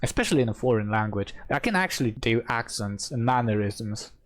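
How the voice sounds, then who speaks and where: Brief: male host, mid-pitched, reads rule text steadily, chats between passages. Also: animated, fairly quick. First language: Polish. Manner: reads rule text steadily, then gives loose, self-doubting asides. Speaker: host reading a game rulebook aloud. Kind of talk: rulebook readalong with commentary.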